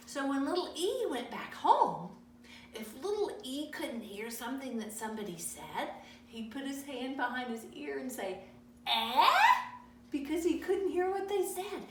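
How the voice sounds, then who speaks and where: A woman teacher reading stories aloud to young children in a sing-song, animated way. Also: high voice. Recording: echoey room, from far off, faint noise.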